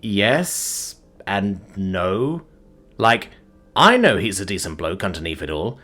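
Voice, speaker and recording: A man's voice: deep voice, very animated, slow, bright, forceful tone, soft background music, full character voice. A man voicing an easygoing, weary spaceship worker who talks in a slangy, laid-back way.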